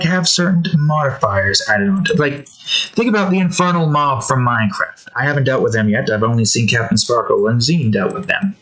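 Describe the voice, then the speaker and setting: A man's voice: medium pitch, fairly bright tone, rough recording. A man giving casual, rambling commentary while he draws, often correcting himself and stopping for breath. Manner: rambling, self-correcting, many fillers. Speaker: drawing video creator.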